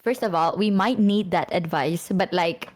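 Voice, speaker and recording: A woman streamer in casual chat, animated and swearing often, with sudden high-pitched outbursts. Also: normal speed.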